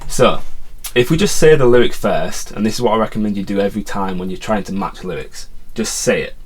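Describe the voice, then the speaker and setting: A man's voice: fairly low pitch, fairly quick, breathy edge. A man teaching a songwriting lesson as a guitar teacher, explaining patiently and sometimes restarting his phrases. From England.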